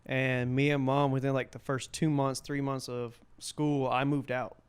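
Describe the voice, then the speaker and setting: A young man in his twenties, a podcast guest and comic, telling casual stories into a podcast mic, animated and laughing, acting out scenes. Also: mid-range voice, measured pace, smooth. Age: 20s. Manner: animated, laughing storyteller who acts out scenes. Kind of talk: casual storytelling. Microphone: podcast microphone.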